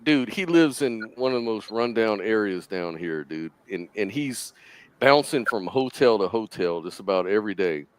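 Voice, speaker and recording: A man's voice: fairly low pitch, animated, moderate pace, no echo, low-quality recording. Call-in host, male, rambling casual storyteller. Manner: rambling storyteller, says "dude".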